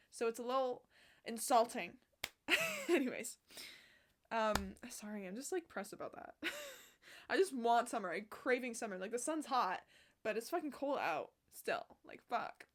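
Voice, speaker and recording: A young woman vlogger chatting outdoors, excitable and sassy, swearing often. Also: fairly high pitch. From Canada. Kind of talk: casual chat. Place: outdoors on a sunny day.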